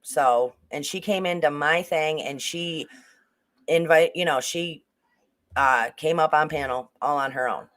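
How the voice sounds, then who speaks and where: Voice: mid-range voice, measured pace, a bit bright. Rambling livestream host talking to chat. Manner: rambling, with frequent restarts and asides to the chat. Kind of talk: casual true-crime commentary on a livestream.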